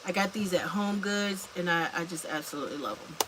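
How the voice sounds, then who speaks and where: A woman's voice: on the low side, brisk. A woman talks to her viewers in an easy, chatty way while she makes a drink in her kitchen. She sounds a little out of breath. There is a noisy background under her voice. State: slightly out of breath. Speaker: vlogger. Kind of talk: casual livestream chat. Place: home kitchen. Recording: noticeable background noise.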